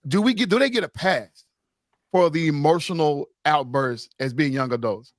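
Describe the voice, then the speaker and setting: A man's voice: fairly high pitch, normal speed, no room sound, studio quality. A man hosting a casual sports podcast, talking loosely and reading out listener comments. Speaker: podcast host.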